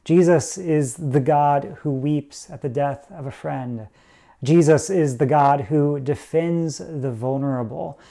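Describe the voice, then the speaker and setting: A male pastor delivers a sermon in an easygoing, conversational manner. His voice sits in a mellow, warm register, and he often pauses with small fillers and corrects himself as he goes. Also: fairly high pitch, gravelly. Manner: conversational preaching with frequent "uh" fillers and self-corrections.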